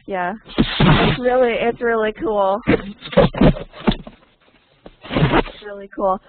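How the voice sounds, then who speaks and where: A woman's voice: medium pitch, slight background noise. A woman leads an online English lesson, taking her time and saying each key word twice for her students. Her voice comes through a thin, phone-like call line. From United States. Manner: slow and deliberate, repeating words for learners. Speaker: English teacher.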